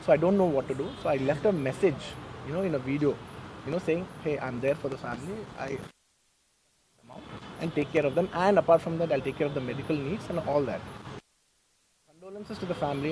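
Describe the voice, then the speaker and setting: Fast-talking man, earnest and emotional. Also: fairly high pitch, noisy background. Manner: earnest, emotional, repeats himself. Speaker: film actor speaking to the press. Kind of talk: press statement to reporters. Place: outdoor garden during a press meet.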